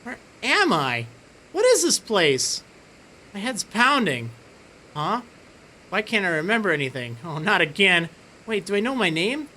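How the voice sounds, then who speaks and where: A woman's voice: mid-range voice, big pitch swings, measured pace, pauses often, bright, forceful tone, a little hiss or hum. A woman voicing a confused young hero who has turned into a small, cute creature, speaking in a startled, exclamatory way. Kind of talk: reading game dialogue aloud.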